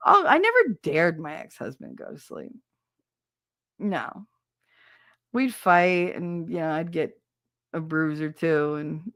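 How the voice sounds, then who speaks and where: A woman's voice: on the low side, animated, takes it slowly, long pauses, fairly bright tone, no room sound, studio quality. A middle-aged woman hosting a livestream, chatting casually and laughing as she tells stories and acts out quotes. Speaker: livestream host. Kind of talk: casual chat, reading out viewer comments.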